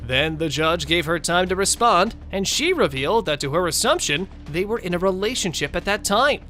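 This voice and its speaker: Lively high-voiced male recap narrator. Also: moderate pace. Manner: mocking, gossipy commentary. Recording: voice-over over faint music.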